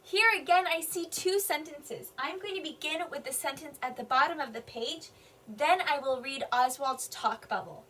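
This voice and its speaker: A woman kindergarten teacher reading a picture book aloud to young children, slowly explaining each sentence in simple words. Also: sits high, a bit bright. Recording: voice a bit distant from the mic.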